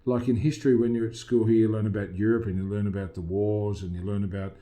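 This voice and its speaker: A middle-aged Australian gym owner talking as a guest in a casual interview, emphatic and motivational, often quoting himself. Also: male voice, fairly low pitch, flat delivery, fast talker, dark tone.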